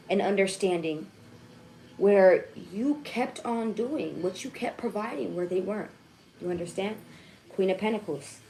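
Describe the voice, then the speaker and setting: A woman's voice: mid-range voice, darkish tone, a little hiss or hum. Young woman, tarot reader, casual reading, playful, swears, chatty, keeps asking "right?". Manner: chatty and playful, swears, jokes and laughs at herself; repeats "okay?" and "right?" to check in with viewers.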